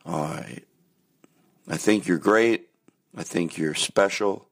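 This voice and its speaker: A man with a deep, low voice rambles through a casual pre-show monologue, chatty and self-deprecating. He talks to listeners in a loose, unscripted way. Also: unhurried. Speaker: podcast host.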